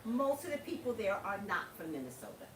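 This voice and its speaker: A woman's voice: mid-range voice, very animated, fairly quick, reverberant, distant mic, slight background noise, rough recording. A woman hosting a livestream, talking casually and passionately to her viewers, laughing often. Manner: impassioned, preachy, laughs often. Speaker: livestream host.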